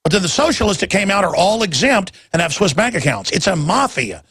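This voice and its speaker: A man hosting a talk radio show, ranting in a rambling way and jumping suddenly into loud, emphatic bursts. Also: sits high, big pitch swings, a little fast, breathy edge, no room sound, clean studio sound.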